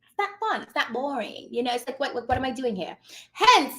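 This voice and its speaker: A hyper woman hosting a casual live stream. Her voice is bright and high, and it swoops up and down as she jokes. She calls her viewers darling and slips into a put-on posh accent. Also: very animated, a little fast. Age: adult with children. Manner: hyper and playful; puts on a playful posh accent. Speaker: host and notary business coach.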